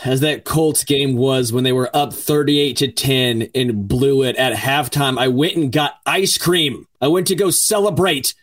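A man's voice: medium pitch, measured pace, hardly any pauses. A man on a sports podcast, telling fan stories in an exasperated, swearing, casual way. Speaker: podcast co-host.

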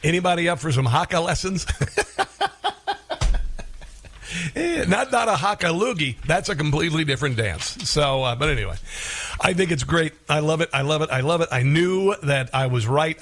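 A man's voice: fairly high pitch, brisk, fairly bright tone. A man hosting a talk radio show, delivering an emphatic, mocking monologue and laughing often. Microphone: studio microphone.

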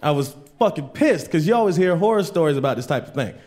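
Male stand-up comedian with a somewhat high voice, casual storytelling, swears freely. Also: lively intonation, fast, darkish tone. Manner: loose storytelling, swears, acts out friends. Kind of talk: stand-up set. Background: audience laughter.

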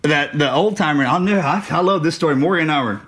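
Man telling lively service stories. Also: a little high, fast, slight background noise. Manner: animated storyteller, laughs through punchlines. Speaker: former Navy SEAL. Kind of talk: casual conversation, war stories.

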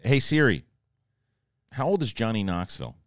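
A man with a lowish voice that swings widely up and down, hosting a podcast in loose, casual chat. He rambles, swears freely and jokes his way through stories, and the sound is close and dry. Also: sing-song, moderate pace, no echo. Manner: rambling, profane and joking. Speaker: podcast host.

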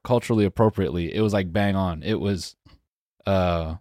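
Lowish-voiced young man, deadpan teasing. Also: moderate pace, no echo, studio quality. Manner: laughs often, deadpan teasing. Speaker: podcast co-host. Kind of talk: casual banter.

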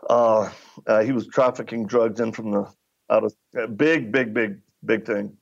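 Gravelly middle-aged man telling stories. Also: fairly low pitch, fairly even intonation, a little slow, muffled recording. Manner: acts out dialogue while telling anecdotes. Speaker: podcast guest. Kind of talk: conversational storytelling.

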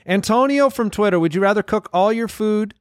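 A man's voice: high voice, brisk, dry recording, clean studio sound. Wry man joking on a podcast. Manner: wry, playful wordplay. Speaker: podcast co-host. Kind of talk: casual comedic chat. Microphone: remote call mic.

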